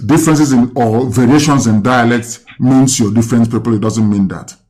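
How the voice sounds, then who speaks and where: A man's voice: medium pitch, moderate pace, darkish tone. A man with a Nigerian accent hosting a live call-in talk, lecturing and asking the caller rhetorical questions. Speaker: host.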